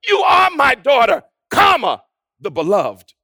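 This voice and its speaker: A preacher delivers a sermon in a very high, bright voice with a gravelly edge. His pitch swings widely as he builds to shouted, repeated lines and then falls to near-whispers. The sound is dry and close. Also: wildly swooping pitch, unhurried, dry recording. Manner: rhythmic preaching with shouted build-ups and hushed drops.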